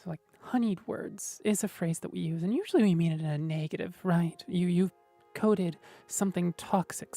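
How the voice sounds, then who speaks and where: A woman hosting a relaxed livestream, talking through voice technique at an unhurried, slow pace. Her tone is low and mellow, gentle and thoughtful, with soft music playing faintly underneath. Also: gravelly. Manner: gentle, thoughtful, explaining, often adds "right?". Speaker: streamer host. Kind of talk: casual livestream chat about voice technique.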